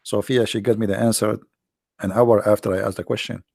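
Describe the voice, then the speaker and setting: Gravelly man with an Arabic accent, mocking. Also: on the low side, fairly even intonation, brisk, a little mellow, no room sound, studio quality. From Arab world. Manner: mocking, sarcastic, jumps into voices. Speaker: host. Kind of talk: casual commentary.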